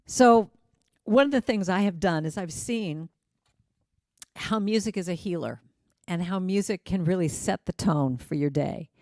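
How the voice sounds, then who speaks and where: A woman's voice: lowish voice, measured pace, darkish tone, no room sound, studio quality. A middle-aged woman, a guest musician, giving a casual spiritual talk and breaking into sung lines and acted quotes.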